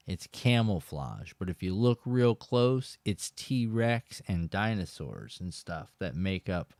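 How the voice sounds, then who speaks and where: A man hosting a fishing show, telling a rambling, animated story straight to his viewers. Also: lowish voice, clean tone, dry recording, clean studio sound.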